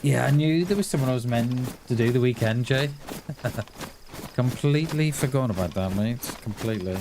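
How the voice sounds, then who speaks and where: A man's voice: medium pitch, moderate pace. A man streaming a survival game, chatting casually and answering his viewers, calling them mate and dude. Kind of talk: casual live-stream chat. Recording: clear game noise behind the voice.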